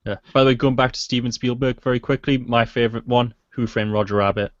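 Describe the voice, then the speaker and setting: A man who is a guest on a livestream, dropping dry, deadpan quips in casual chat. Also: medium pitch, fast, dry recording. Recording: dry, dull lo-fi stream audio.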